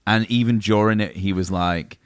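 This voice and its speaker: A man's voice: lowish voice, fairly even intonation, moderate pace, clean tone, no echo, studio quality. A man co-hosting a casual music podcast, rambling with plenty of fillers and asides. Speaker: podcast co-host.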